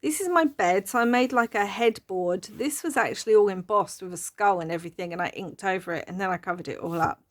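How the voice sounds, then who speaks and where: A middle-aged woman chatting her way through a craft-journal flip-through. Her talk rambles easily from one thing to the next, with an even, middle pitch. She breaks into giggles often. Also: a little fast, few pauses. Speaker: craft channel host.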